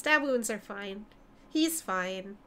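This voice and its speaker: A woman's voice: mid-range voice, animated, slow pace, pushed and bright, slight background noise. A woman, chatting and joking as she streams a video game. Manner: joking, chatty, reacting aloud. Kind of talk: casual gaming commentary.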